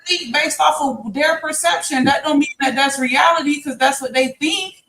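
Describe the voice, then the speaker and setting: A woman with a high voice defends herself passionately on an online panel, recorded in an echoey room. She insists on her point and keeps circling back to it. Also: moderate pace, bright, forceful tone. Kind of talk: heated panel discussion.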